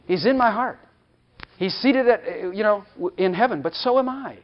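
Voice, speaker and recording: A man's voice: high-pitched, moderate pace. A man preaching a sermon, emphatic and full of rhetorical questions, at times speaking in God's voice. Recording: dull lo-fi recording.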